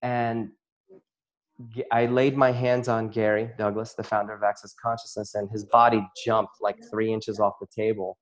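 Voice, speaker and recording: A man's voice: fairly low pitch, level tone, normal speed. A man who works as a chiropractor and facilitator, giving an earnest, emotional personal testimony to an audience and often breaking into laughter.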